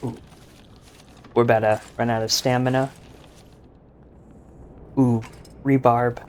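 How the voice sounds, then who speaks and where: Young man, gaming commentary, flat monotone delivery, jokey and boastful, faint hiss behind. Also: medium pitch, slow. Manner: joking, boastful, rambling with many fillers. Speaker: gaming YouTuber. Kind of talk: casual gameplay commentary.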